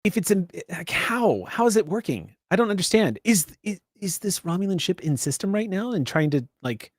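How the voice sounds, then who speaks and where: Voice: medium pitch, big pitch swings, moderate pace, no room sound, clean studio sound. A game master running a tabletop game, musing aloud with many questions and small laughs.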